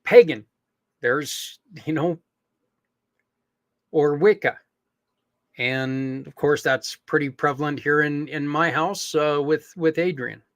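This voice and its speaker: Earnest man with a higher voice. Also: slow pace, pauses often, no room sound. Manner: earnest and rambling, with fillers and asides. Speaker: podcast host. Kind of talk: casual appeal to listeners.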